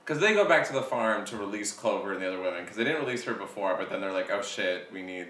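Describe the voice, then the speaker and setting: A man co-hosts a loose film-review chat, swinging up and down in pitch as he jokes and swears. His tone is bright and edgy, a little low-pitched. He sounds set back from the mic in an echoey room. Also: lively intonation, racing, far from the mic, slight background noise. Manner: loose, joking, swears and laughs often. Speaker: podcast co-host.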